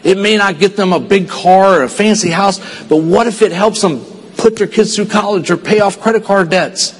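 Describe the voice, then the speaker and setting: A man from Texas giving an earnest, storytelling speech to a conference audience, dropping low and quiet at the sad parts. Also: normal speed, in a large hall, rough recording. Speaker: motivational speaker.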